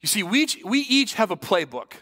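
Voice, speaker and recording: A man in his thirties preaching a sermon, telling a funny story with animated, laughing delivery. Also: high voice, fairly quick. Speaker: pastor. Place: church sanctuary. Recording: echoey church hall.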